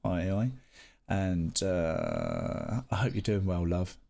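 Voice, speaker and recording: A man's voice: deep voice, wildly swooping pitch, takes it slowly, vocal fry, warm tone. A man, live streaming and chatting casually with his viewers, greeting them by name and swearing freely. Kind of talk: casual chat reading live chat.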